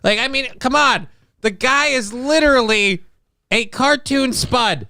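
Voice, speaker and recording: A man's voice: extremely high pitch, unhurried, sharp tone, clean tone. A man co-hosting a casual podcast, throwing in wry, incredulous quips. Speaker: podcast co-host. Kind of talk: casual banter.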